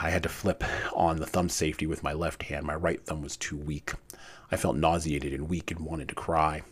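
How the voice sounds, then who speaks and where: A man reading a war memoir aloud in a measured way with dramatic pauses, then commenting on it. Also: very deep voice, slightly rough. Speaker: reader and commentator.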